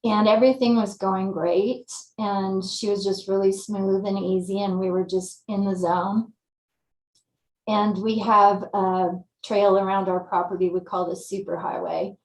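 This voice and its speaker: A woman from California, a guest telling her story in a lively, casual way and acting out her own thoughts. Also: mid-range voice, measured pace, echoey room, poor audio. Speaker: interview guest.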